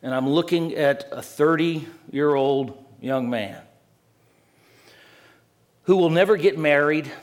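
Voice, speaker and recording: An earnest man delivers a sermon in a voice a touch higher than most men's. He restates words as he builds toward each point. He lets the ends of phrases fall low and quiet. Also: slow pace, long pauses. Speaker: preacher.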